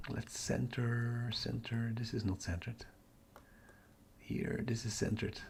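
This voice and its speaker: A middle-aged man hosting a night-time telescope livestream from home, half-whispering so he doesn't wake the house, muttering to himself over his capture software. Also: mid-range voice, fairly even intonation, takes it slowly, creaky, a little hiss or hum. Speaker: astrophotography livestream host. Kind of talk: live stream commentary, talking to chat.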